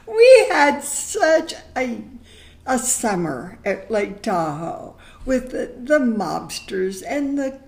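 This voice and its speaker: A woman's voice: medium pitch, big pitch swings, very slow, gravelly, a little mellow. An older woman telling a personal story in a chatty, affectionate way. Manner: chatty, affectionate, laughs often. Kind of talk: memoir storytelling.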